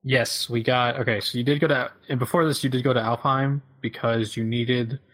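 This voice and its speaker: A man's voice: mid-range voice, normal speed. A young man chatting casually as a co-host, retelling a video game's story with lots of fillers. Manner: relaxed, filler-heavy storytelling. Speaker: podcast co-host. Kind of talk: casual chat recapping a video game.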